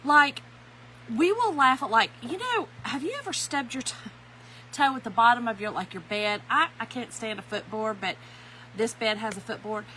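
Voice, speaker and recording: A middle-aged woman with a drawl hosts a casual craft livestream from home. Her voice is bright and a little high as she chats with viewers and calls out their names. A faint hum sits under the recording. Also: lively intonation, normal speed, rough recording. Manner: chatty, greets viewers by name, laughs often.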